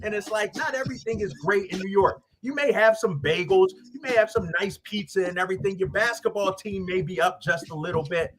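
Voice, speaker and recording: A man hosting sports radio, ranting in a fired-up, animated way straight at rival fans. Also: high voice, brisk, hardly any pauses, a crowd in the background. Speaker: sports radio host and team broadcaster. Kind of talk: casual sports talk rant.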